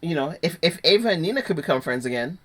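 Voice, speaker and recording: A woman with a notably low voice, chatting casually as a podcast co-host. She is relaxed and agreeable, with plenty of quick yeahs and easy concessions. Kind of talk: casual chat recapping a soap opera.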